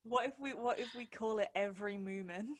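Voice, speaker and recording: A woman's voice: a little high, brisk. A woman co-hosting a casual podcast chat. She is playful and teasing and laughs often. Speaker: podcast co-host.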